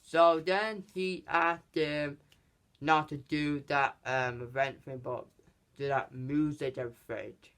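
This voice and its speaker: A man's voice: fairly high pitch, steady tone, slow pace, fairly bright tone, clear, resonant tone. A man hosting a casual film review, rambling through the plot with many restarts. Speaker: channel host, film reviewer.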